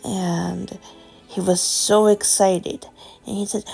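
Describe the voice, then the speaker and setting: Woman storyteller, slow, gravelly; improvised kids' tale, faint music behind. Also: mid-range voice, little pitch movement, darkish tone. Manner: unhurried, with fillers and restarts. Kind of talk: improvised children's story narration.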